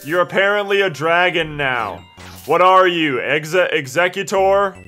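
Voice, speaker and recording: Brief: excitable male let's play host with a bright, slightly high voice. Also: unhurried, faint music behind. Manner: excitable, yells at his teammate and the game.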